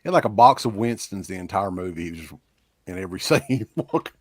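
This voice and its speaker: A man's voice: low-pitched, animated, fast, no echo, clean studio sound. A man from Kentucky with an Eastern Kentucky accent, a podcast guest telling rambling stories in casual chat. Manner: rambling storyteller.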